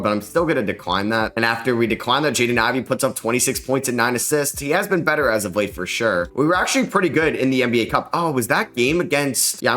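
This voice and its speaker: A young man casually commentating a basketball video game, jumping into excited yelps and dropping into muttered groans. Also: mid-range voice. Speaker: gaming channel host.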